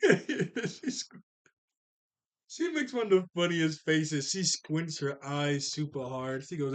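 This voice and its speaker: A man's voice: fairly high pitch, expressive, unhurried. A man casually recapping a cartoon episode at home, slangy and chatty, laughing often and correcting himself as he goes.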